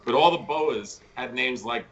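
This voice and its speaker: A man's voice: mid-range voice, unhurried, a bit bright, dull audio. A man in casual podcast chat, making dry, wry jokes and telling anecdotes.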